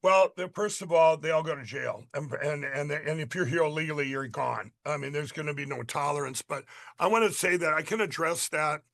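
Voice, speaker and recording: A middle-aged man from Minnesota with a high voice for a man, a candidate guest on a radio interview. He rambles and pushes his points hard, restarting sentences again and again as he builds momentum. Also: fairly quick, creaky, a bit bright. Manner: rambling, emphatic, many restarts.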